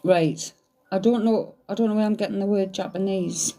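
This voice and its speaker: A woman's voice: mid-range voice, steady tone, normal speed, warm tone, soft background music. A woman doing a psychic reading, thinking aloud in a hesitant, searching way. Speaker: psychic medium. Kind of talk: live medium reading.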